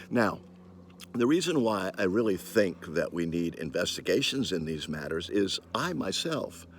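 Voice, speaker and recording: Animated older man with a lively voice. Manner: animated and emphatic, with sudden rises in pitch and loudness. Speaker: commentator. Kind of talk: spoken opinion monologue.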